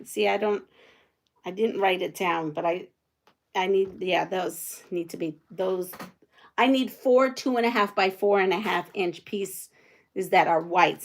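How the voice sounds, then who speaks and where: Woman, quilting livestream host, unhurried speech, casual chat, thinks aloud while working. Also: on the low side, vocal fry. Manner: thinks aloud, chats with viewers' comments. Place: at home.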